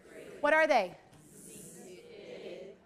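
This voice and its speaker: A middle-aged woman, leading a lively, chatty teacher training workshop for a group in a training room. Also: mid-range voice, extremely slow. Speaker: literacy trainer.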